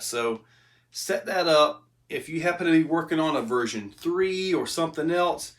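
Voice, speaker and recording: Excitable man filming outdoors, distant mic. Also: a little high, no room sound. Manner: chatty, excitable, laughs often. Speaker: RC hobby reviewer. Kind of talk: casual outdoor commentary while driving. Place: outdoors on a rock trail.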